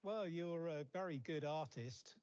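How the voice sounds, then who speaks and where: A man who founded a robotics company, giving a tour with halting, repeated words. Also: fairly high pitch, darkish tone. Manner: hesitant, repeats words, chuckles. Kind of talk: guided tour interview. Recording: dull lo-fi broadcast audio.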